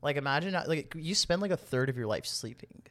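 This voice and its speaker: A man co-hosting a casual chat podcast, telling quick stories and laughing often. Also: a little high, animated, a bit bright. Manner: chatty storyteller, laughs often. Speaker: podcast co-host.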